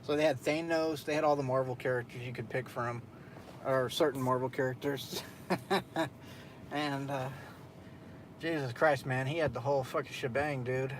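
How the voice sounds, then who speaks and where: A man's voice: mid-range voice, steady tone, moderate pace, slight background noise. A young man hosting a casual late-night stream, telling a story in a loose, profane way with frequent laughs. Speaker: streamer host.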